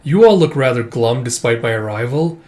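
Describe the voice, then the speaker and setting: A man reading the lines of an arrogant, ruthless male emperor in a commanding, sometimes slow and menacing way. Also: medium pitch, animated, dark tone, lightly acted. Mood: imperious.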